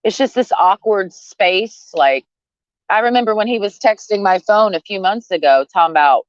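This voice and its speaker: Blunt, sarcastic low-voiced woman ranting. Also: expressive, normal speed, no room sound. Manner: blunt, sarcastic, profane, laughing often. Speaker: vlogger. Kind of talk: casual rant to camera. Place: outdoors, sitting under a tree. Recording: dull, lo-fi sound.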